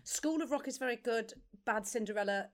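A woman's voice: on the high side, brisk. A woman guest, a musical comedian, chatting casually on a podcast, with hesitant restarts and stammers. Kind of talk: casual chat.

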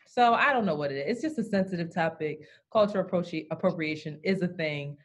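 A woman co-hosting a podcast in casual chat, blunt and animated, swearing freely and going off on asides. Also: fairly low pitch, quick pace, slightly rough. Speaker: podcast co-host.

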